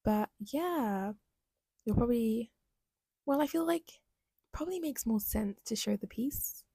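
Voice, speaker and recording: A woman's voice: on the high side, lively intonation, measured pace, gravelly, warm tone, slightly rough, no echo. A young woman hosting a solo podcast, talking in a rambling, chatty, self-deprecating way. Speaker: podcast host. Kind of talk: casual solo podcast monologue.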